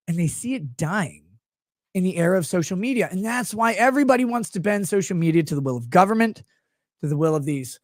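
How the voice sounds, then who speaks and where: A man's voice: high voice, no echo, studio quality. A man from the United States hosting a show, ranting about politics with sarcasm, profanity and mocking asides. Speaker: show host.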